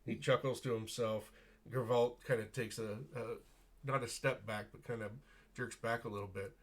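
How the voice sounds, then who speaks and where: A man's voice: medium pitch, steady tone, moderate pace. A man narrating a tabletop role-playing game as game master in a casual way, chuckling and using many fillers.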